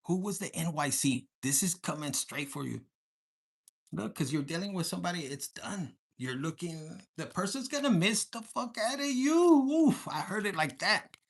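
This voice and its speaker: Husky, blunt tarot reader. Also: medium pitch, normal speed. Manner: blunt, profane, animated; mixes in Spanish words. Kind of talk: casual collective tarot reading.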